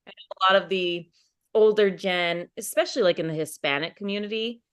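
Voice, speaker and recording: A woman's voice: on the low side, a little fast, clear, resonant tone. A woman hosting a podcast, chatting in a supportive way with lots of fillers like "you know" and "like". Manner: warm-hearted, filler-heavy, supportive. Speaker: podcast host. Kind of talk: casual chat.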